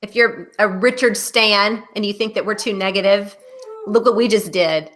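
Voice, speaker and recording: A woman in her thirties co-hosting a casual podcast chat, an animated storyteller. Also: moderate pace. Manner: animated storyteller, acts out quotes in a high wail. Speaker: podcast co-host.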